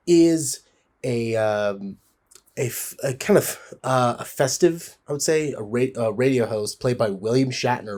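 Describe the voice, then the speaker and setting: A man's voice: medium pitch, darkish tone. A man giving a casual spoken film review, rambling with frequent fillers and restarts.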